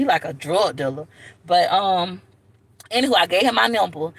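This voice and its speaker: A woman telling stories to camera in a blunt, animated way, often calling viewers "baby". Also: lowish voice, fairly quick, husky. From Florida, USA. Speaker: vlogger. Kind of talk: casual storytelling to camera.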